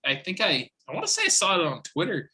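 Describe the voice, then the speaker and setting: A young man from Saskatchewan, chatting casually as a podcast guest and telling rambling, animated stories. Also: sits high, fast talker, slightly rough. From Saskatchewan, Canada. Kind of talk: casual chat.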